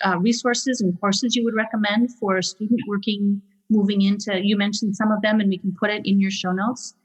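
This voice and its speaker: A woman hosting a podcast interview, giving brief affirmations and asking quick follow-up questions. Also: mid-range voice, fairly even intonation, slightly rough, in a large hall, poor audio. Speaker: podcast host.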